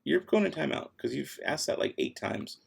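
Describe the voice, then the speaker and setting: His mid-range voice is gravelly with a breathy edge, swinging widely in pitch at a moderate pace. This young livestream host is worn out and losing his voice, reading comments from viewers as he works, relaxed yet quick to get exasperated, mumbling while he's busy.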